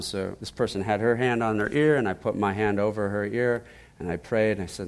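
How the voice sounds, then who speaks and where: A man preaching, telling a testimony in a lively storytelling way and often repeating his words as he goes. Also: on the low side, brisk. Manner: animated storytelling, acts out quoted voices, repeats words.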